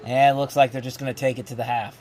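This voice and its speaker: A man hosting a live rewatch, giving excitable play-by-play commentary with frequent restarts. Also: medium pitch, fast talker. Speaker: host live-reacting to a football game. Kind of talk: casual live sports commentary.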